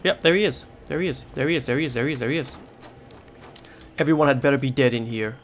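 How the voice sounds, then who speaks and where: A gaming YouTuber, talking fast in a medium-pitched voice, swears nervously while playing a horror game and keeps repeating himself in panic when scared. A slight hiss or hum is audible.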